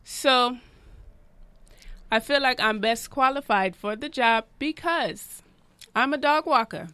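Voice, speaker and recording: A woman voicing a Jamaican dog walker who is applying for a circus job, pitching herself earnestly and listing things at length. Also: sharp tone, clean tone, no room sound. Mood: eager. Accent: put-on Jamaican. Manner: earnest, salesy job-interview pitch with drawn-out lists.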